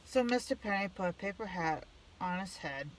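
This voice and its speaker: A storyteller reading a children's picture book aloud in plain, steady narration. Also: medium pitch, normal speed, a little hiss or hum.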